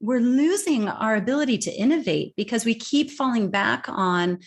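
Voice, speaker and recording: A woman who works as a communication coach, talking in an interview quickly and emphatically, often restarting words and voicing what her clients say. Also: fairly high pitch, animated. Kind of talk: interview conversation.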